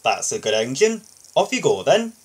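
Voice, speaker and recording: A man reading a storybook aloud and voicing a firm, blustering male railway boss, with a husky tone. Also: medium pitch, very animated, moderate pace.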